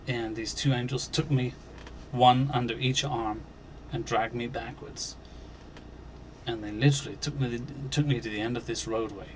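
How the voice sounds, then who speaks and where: A man's voice: medium pitch, slight background noise. Guy on his faith channel telling about a dream, earnest, stops and restarts a lot, gets emphatic. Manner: earnest, halting, with many restarts. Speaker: Christian video channel host. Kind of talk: recounting a dream as personal testimony.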